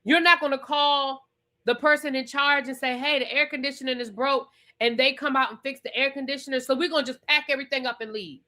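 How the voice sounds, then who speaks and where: Brief: woman TV reviewer, casual recap, emphatic and repetitive, swears, fairly high, bright voice. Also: fast talker. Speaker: TV review vlogger.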